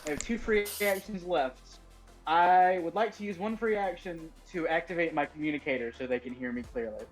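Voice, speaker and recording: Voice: mid-range voice, fairly quick, soft background music. A player in a tabletop game on a voice call, hesitant and full of restarts, who bursts out in squeamish reactions. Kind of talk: casual tabletop game chat.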